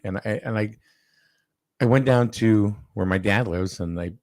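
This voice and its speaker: A man's voice: fairly low pitch, measured pace, darkish tone, no echo. A man hosting a casual chat, telling a long story with lots of fillers and restarts. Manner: rambling, with many fillers and restarts.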